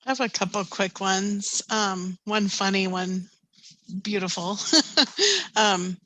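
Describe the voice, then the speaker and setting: Woman, fifties, panel storyteller with a bright, clear tone; animated, laughs a lot, dry close sound. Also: mid-range voice, takes it slowly, no echo, poor audio. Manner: animated anecdotes, laughing often, many ums. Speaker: panelist, canoe skipper.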